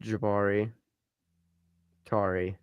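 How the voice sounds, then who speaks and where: Here a man with a lowish, flat voice that sounds clear and resonant talks slowly, with no echo. Co-hosting a laid-back sports stream, he mumbles and trails off while working through trades in a simulator.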